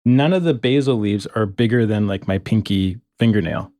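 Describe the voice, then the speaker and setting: A man's voice: lowish voice, normal speed, a little mellow, dry recording, clean studio sound. A man chatting with fellow players from a small room at home, laid-back but stubborn when he is contradicted. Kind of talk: casual chat among players.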